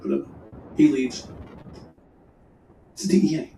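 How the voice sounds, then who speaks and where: A man's voice: on the high side, moderate pace, warm tone, echoey room, distant mic, a little hiss or hum, low-quality recording. A man telling a rambling, profane crime story in casual chat, full of restarts and quoted dialogue. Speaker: storyteller guest.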